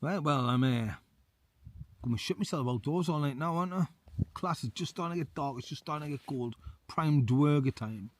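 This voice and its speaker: At a winter wild camp, a cold ex-soldier turned outdoor vlogger reads a folk tale aloud with chummy commentary, calling everyone "mate" often. His voice is fairly high and moderately paced, and the recording is dry.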